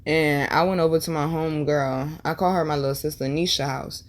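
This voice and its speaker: A woman's voice: low-pitched, fairly even intonation, a little fast. A young woman vlogger telling a painful personal story candidly, with slang and swearing, and repeating lines for emphasis. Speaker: tarot and numerology vlogger.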